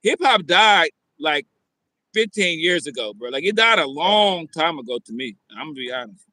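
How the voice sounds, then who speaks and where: A man's voice: a little high, big pitch swings, moderate pace, sharp tone, dry recording, low-quality recording. A man in casual chat, slangy and frank, often repeating his phrases as he talks.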